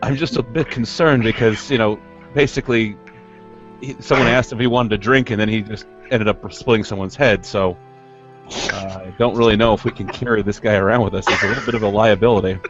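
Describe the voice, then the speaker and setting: A man's voice: fairly low pitch, fairly even intonation, a little fast, muffled recording, music in the background, natural voice. A man voicing a blunt, wry male elf adventurer in a tabletop game, in casual joking talk.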